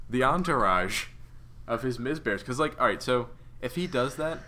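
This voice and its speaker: A man co-hosting a casual wrestling chat, swearing freely and quick to get excited and laugh. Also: mid-range voice, background noise. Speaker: podcast co-host.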